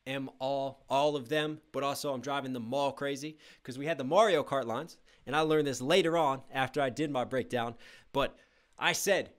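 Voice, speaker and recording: A young man hosting a live music reaction stream, reading chat aloud, breaking into shouts and explaining rhyme schemes. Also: mid-range voice, normal speed.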